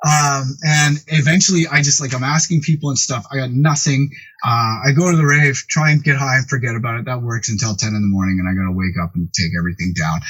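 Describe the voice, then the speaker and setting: Husky-voiced man telling a wild story. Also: medium pitch, fast. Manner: rambling, animated, heavy swearing, acts out every voice. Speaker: guest, music producer and DJ. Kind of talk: storytelling in a podcast interview.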